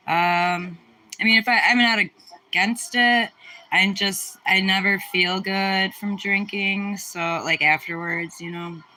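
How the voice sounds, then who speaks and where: A woman's voice: on the low side, poor audio. A young woman from the American Midwest, casually chatting on a livestream and answering viewer questions, rambling with lots of fillers and restarts. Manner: rambling, filler-heavy, relaxed. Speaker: livestream host.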